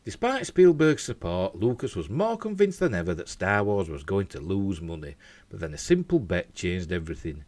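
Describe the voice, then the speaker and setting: Animated Yorkshire man reading entertainment news. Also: low voice, normal speed, no echo. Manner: animated, jokey asides. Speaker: host.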